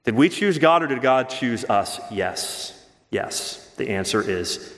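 A man's voice: medium pitch, big pitch swings, fairly bright tone. Earnest male pastor in an echoing hall. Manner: earnest, emphatic, swings between quick asides and slow stressed words. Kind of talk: sermon. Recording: long hall reverb.

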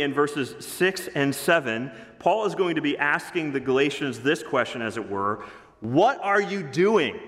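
A man preaching a sermon as pastor, emphatic, rising louder on key phrases. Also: mid-range voice. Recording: long reverb of a large hall.

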